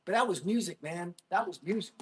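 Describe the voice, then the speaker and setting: A man in his thirties, a Marine veteran, chatting casually to viewers on a livestream, rambling and excitable, often laughing and talking to the chat. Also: high voice, fairly quick, a little hiss or hum. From Jersey City, USA.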